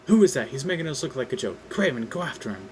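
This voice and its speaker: A man's voice: mid-range voice, big pitch swings, quick pace, fairly bright tone, a little hiss or hum. A man putting on a mocking villain accent. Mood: taunting. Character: taunting older male winged villain.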